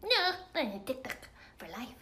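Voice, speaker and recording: A woman's voice: high-pitched, sing-song, normal speed, bright, forceful tone, echoey room, slight background noise, heavily acted. A woman doing a bratty TikTok-obsessed girl. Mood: whiny. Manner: whiny and defiant, with a put-on accent. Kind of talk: comedy skit.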